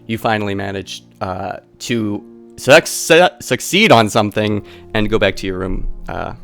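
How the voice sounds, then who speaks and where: Low-voiced man narrating as game master. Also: expressive, unhurried, creaky, a bit bright, faint music behind. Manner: hesitant, many "uh" fillers.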